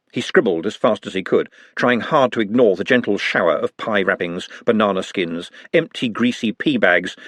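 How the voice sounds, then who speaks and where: A man's voice: fairly low pitch, breathy edge, dry recording. A man reading a comic novel aloud as scripted narration, telling it expressively. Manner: lively, expressive storytelling. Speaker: audiobook reader.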